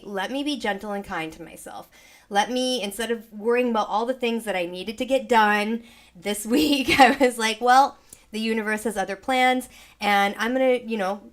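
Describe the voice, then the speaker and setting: A young woman hosting a live sound healing session from her home studio, chatting casually and rambling as she acts out her own past thoughts while still recovering from an illness. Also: medium pitch. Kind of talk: casual chat to a live audience.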